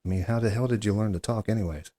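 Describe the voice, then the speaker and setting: A man's voice: fairly low pitch, fast talker, dark tone, dry recording, studio quality. A man hosting a comedy podcast, talking hesitantly with stammers and a skeptical tone. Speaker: podcast host. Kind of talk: comedy podcast prank call.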